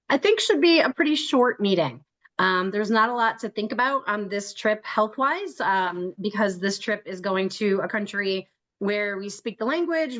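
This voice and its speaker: A woman hosting an online planning meeting for a group trip, speaking over a video call. She talks in a chatty, joking way, with frequent light laughs. Her pitch sits in an ordinary middle range. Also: a bit bright. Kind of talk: casual meeting talk.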